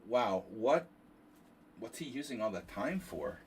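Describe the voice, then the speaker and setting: A lower-voiced man with a nasal tone chats loosely to his viewers while he plays online chess, drifting into offhand, self-deprecating asides. He sounds a little distant from the mic, with a faint hiss of background noise. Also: sing-song, unhurried, a little mellow. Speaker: chess streamer hosting a tournament. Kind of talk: casual livestream commentary while playing.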